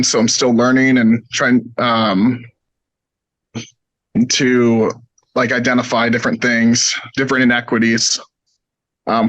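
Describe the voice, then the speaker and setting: Hoarse, halting man giving a short work update on a video call; dry sound. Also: medium pitch, fairly bright tone, no room sound, poor audio. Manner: hesitant, many ums. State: hoarse, coughing. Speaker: presenter. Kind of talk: virtual meeting presentation.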